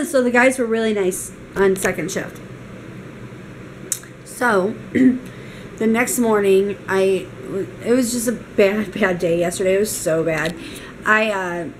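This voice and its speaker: A young woman vlogging, retelling a bad weekend in an animated, exasperated way. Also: mid-range voice, slight background noise, poor audio. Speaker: mom vlogger. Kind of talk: casual storytime vlog.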